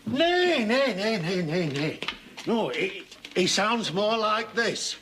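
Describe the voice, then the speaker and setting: An actor playing a blunt, indignant old farmer. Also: male voice, high-pitched, expressive, normal speed, noisy background. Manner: blunt, gleeful, miming animals. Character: blustering comic old farmer complaining of swindle.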